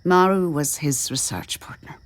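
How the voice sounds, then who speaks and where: A woman playing a gentle, caring woman scientist. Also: fairly low pitch, very animated, measured pace. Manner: gentle, sometimes whispering.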